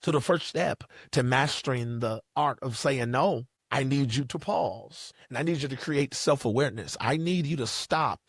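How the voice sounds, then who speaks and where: A man's voice: mid-range voice, moderate pace, few pauses, husky, no echo, clean studio sound. A man hosting a podcast, delivering motivational advice in an emphatic, repetitive preacher's cadence. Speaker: podcast host.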